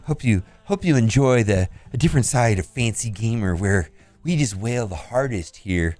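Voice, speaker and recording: A man's voice: lowish voice, animated, normal speed, a little mellow, no room sound. A man hosting a casual game video, reviewing store offers with blunt verdicts and laughs. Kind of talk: casual commentary.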